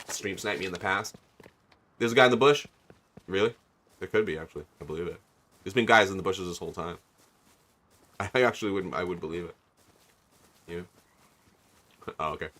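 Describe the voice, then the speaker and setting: A man's voice: lowish voice, pushed and bright. A man streaming a video game, chatting casually with viewers and thanking them as he plays. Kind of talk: casual livestream chat.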